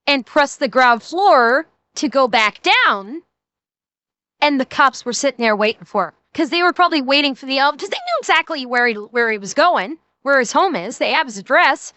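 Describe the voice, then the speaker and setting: A woman's voice: high voice, pushed and bright, dry recording. A woman streamer giving casual, crude and mocking reaction commentary, swearing freely.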